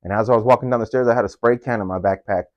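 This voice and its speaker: A man telling a story from his own life in a casual, slangy, profane way, leaping up in pitch whenever he quotes someone. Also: fairly even intonation, very fast, dry recording, lo-fi sound. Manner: slangy and profane, jumps into high-pitched voices when quoting. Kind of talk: casual first-person storytelling.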